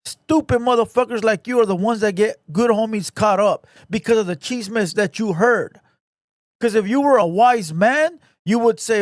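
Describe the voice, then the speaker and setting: A man's voice: high voice, a little slow, no echo, studio quality. A man hosting his own channel, delivering a profane, confrontational rant and ending his lines with 'bro'. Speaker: channel host. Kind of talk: ranting commentary.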